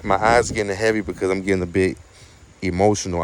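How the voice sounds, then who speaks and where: A man vlogging outdoors at night in the wind, talking quietly and mellow in a preachy way and swearing often. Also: low voice, steady tone, fast talker. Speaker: spiritual vlogger. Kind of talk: casual outdoor vlog.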